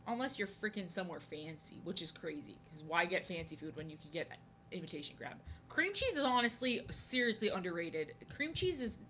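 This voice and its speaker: A woman's voice: fairly low pitch, very animated, a little fast, fairly bright tone, slight background noise. A young woman chatting casually with her live chat while drawing, often saying things twice. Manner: chatty, answers chat, often repeats herself. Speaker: art streamer.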